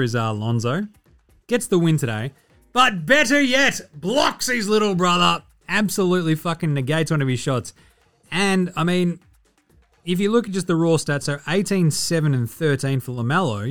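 Young Australian male host, sarcastic and sweary, animated pitch, light music bed. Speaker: podcast host. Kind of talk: casual sports chat.

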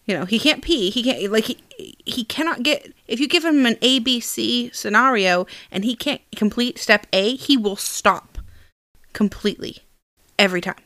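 Woman co-host, somewhat high-pitched, dry sound, chatty and agreeing. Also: normal speed, fairly bright tone, dry recording. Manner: chiming in, agreeing. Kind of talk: casual chat.

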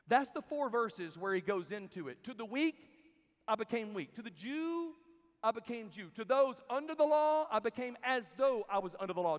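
A high-pitched man preaches to a room of students, his voice ringing out with a long reverb tail. He tells stories, dropping to a hush and then building to loud, emphatic peaks. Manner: storytelling, swings from hushed to loud and emphatic. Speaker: youth camp speaker. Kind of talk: sermon. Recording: reverberant hall.

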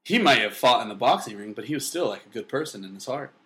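Bright-voiced profane podcast guy. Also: mid-range voice, lively intonation, fast talker, a little hiss or hum. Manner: profane, jokey, loud outbursts. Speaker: podcast co-host. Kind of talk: casual podcast chat.

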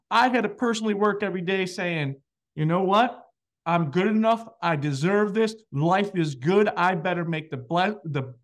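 A man hosting a podcast, talking earnestly and reflectively with his guest and often agreeing. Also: high voice. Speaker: podcast host, financial advisor. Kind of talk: podcast interview chat.

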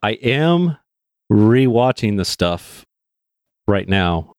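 A man with a fairly low voice chats on a podcast, mostly chiming in with short replies and loose recollections. The sound is dry and close to the mic. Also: very animated, drawn-out words, darkish tone, no echo. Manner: brief agreeing replies, casual recollection. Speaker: podcast co-host. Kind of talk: casual podcast chat.

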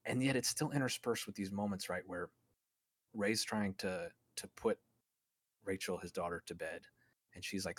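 A man's voice: sits low, moderate pace, no room sound. A man co-hosting a film podcast, retelling scenes in an enthusiastic, rambling way with many restarts. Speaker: podcast co-host. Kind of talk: casual film podcast monologue.

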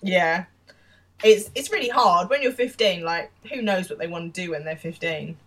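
A woman's voice: on the low side, moderate pace. A woman chatting through a TV episode on a casual podcast, hedging with fillers and laughing easily. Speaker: podcast co-host.

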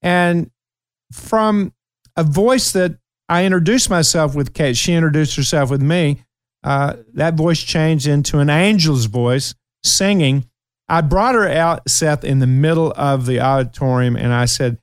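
A man's voice: fairly high pitch, a little slow, smooth, no echo, studio quality. Earnest Kentucky man telling stories. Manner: emotional, earnest storytelling with many fillers. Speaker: show host. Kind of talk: casual radio talk show chat.

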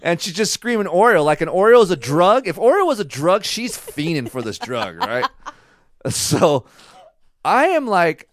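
A man's voice: high voice, big pitch swings, measured pace. A man in his thirties co-hosting a casual chat, telling a story animatedly and swearing freely. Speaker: co-host of a couple's talk show.

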